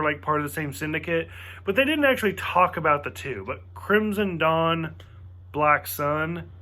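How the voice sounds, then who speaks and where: A man's voice: a little high, sharp tone. A young man casually reviewing episodes, rambling and acting out quoted lines from a friend.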